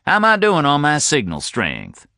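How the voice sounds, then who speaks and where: A man's voice: a little high, huge pitch swings, normal speed, gravelly, bright, forceful tone, dry recording, studio quality, voice pushed up, heavily acted. A man voicing a confident, jocular southern man on the phone, with a Southern US accent. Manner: breezy, jokey, self-assured.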